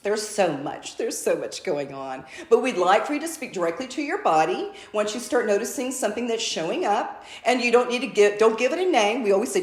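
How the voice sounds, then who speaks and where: Woman spiritual channel: effusive and repetitive, with a swooping, expressive pitch, recorded in an echoey room. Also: brisk, hardly any pauses. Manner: speaks as a collective "we", repetitive and effusive.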